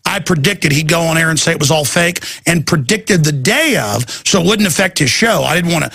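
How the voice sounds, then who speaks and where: A man hosting a talk radio show, ranting in an intense, rapid-fire, urgent way. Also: on the high side, gravelly, fairly bright tone, husky, no echo, studio quality.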